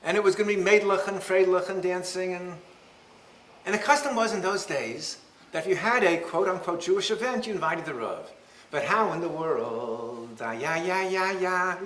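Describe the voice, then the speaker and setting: A man, a rabbi, giving a lecture and telling stories in an animated, humorous way. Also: high voice, normal speed. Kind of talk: lecture with storytelling. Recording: roomy hall echo.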